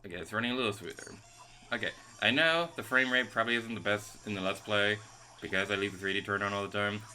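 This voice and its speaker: A man giving excitable, casual commentary over his own gameplay as a let's play host. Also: on the low side, fast. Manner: excitable, venting frustration at the game.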